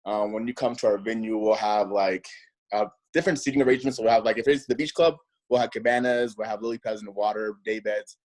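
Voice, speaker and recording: A man chatting as an interview guest in a relaxed, rambling way full of fillers. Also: on the low side, quick pace. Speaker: guest, nightlife host. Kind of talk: casual interview chat.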